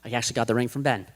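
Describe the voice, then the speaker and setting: Man of medium pitch telling his testimony to a crowd; chaotic and rambling, sinks to a quiet hush when it gets heavy. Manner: rambling, self-described chaotic, with many restarts; drops to a hushed, quiet voice at heavy moments. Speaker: guest giving a testimony. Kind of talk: personal faith testimony to an audience.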